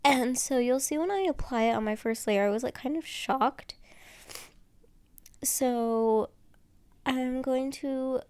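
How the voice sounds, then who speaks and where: A woman's voice: high-pitched, takes it slowly, pauses often, darkish tone, smooth, no echo. A woman chatting casually through a nail tutorial, rambling and tired, with many fillers and restarts. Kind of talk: casual tutorial chat while doing nails.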